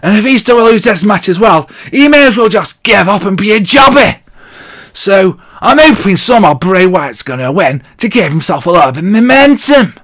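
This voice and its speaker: A man's voice: high-pitched, animated, moderate pace, fairly bright tone. A man ranting bluntly and mockingly in a casual wrestling vlog, hot and sweaty as he talks. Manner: blunt, mocking, laughs at his own jokes. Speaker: wrestling vlogger.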